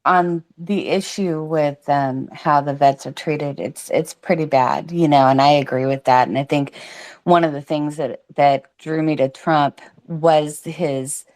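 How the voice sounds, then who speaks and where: A woman's voice: deep voice, fairly even intonation, a little slow, darkish tone. A woman speaking in an audio chat room, hesitant and full of fillers.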